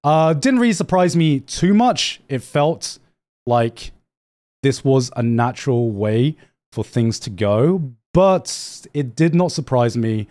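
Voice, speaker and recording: A young man streaming a casual anime rant, excitable and repetitive, swearing often. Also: mid-range voice, takes it slowly. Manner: excitable, swears a lot, repeats himself. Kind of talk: animated casual ranting.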